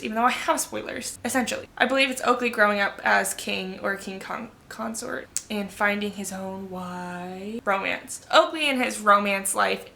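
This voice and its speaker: Chatty gossipy young woman with a bright voice. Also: mid-range voice, vocal fry. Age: 20s. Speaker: book vlogger. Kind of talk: casual book chat to camera.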